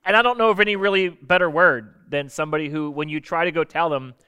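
Smooth-voiced conversational male preacher. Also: fairly high pitch, fast. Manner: conversational and lively, acting out quoted voices; explaining Bible verses with everyday examples. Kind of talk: sermon.

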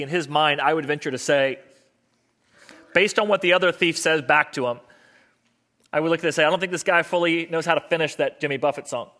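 Earnest, bright-voiced male pastor preaching. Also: fairly high pitch. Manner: conversational, earnest storytelling. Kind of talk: sermon.

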